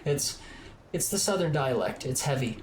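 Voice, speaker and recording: A man from Georgia, chatting casually while streaming a video game, rambling and excitable, with lots of filler words. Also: medium pitch, moderate pace, slight background noise. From Georgia, US South. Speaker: streamer, co-host. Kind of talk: casual gaming stream chat.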